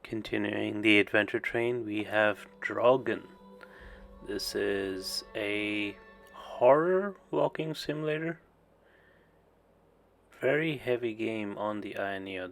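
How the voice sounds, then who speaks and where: A man giving voice-over commentary on a game's performance in a plain, measured way. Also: on the low side, fairly bright tone. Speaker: tech reviewer.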